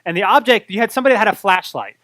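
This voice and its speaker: Animated, bright-voiced male pastor preaching. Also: high-pitched, racing, dry recording. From North Carolina. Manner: animated storytelling, acts out his own fright. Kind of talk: sermon with personal story.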